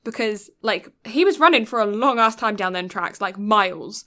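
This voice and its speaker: A woman's voice: mid-range voice, brisk, hardly any pauses, fairly bright tone. A woman podcast co-host, retelling a film's plot in casual chat and acting out the characters' lines.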